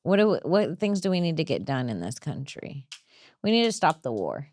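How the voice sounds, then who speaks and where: A brash woman comedian riffing in a casual podcast chat, with a very animated, swooping voice. She rambles and laughs easily. The sound is dry and close to the mic. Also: deep voice, moderate pace, no room sound.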